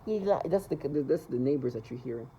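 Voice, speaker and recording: A man's voice: mid-range voice, brisk, gravelly, warm tone, muffled recording, slight background noise. A man talking to camera in a rambling, agitated monologue, repeating himself and stumbling over restarts.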